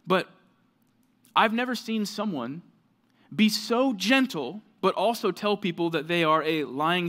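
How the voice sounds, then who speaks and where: A man's voice: high voice, lively intonation, a little slow, long pauses, a bit bright. A man preaching a sermon as pastor, conversational and earnest, with frequent fillers like "right" and "like".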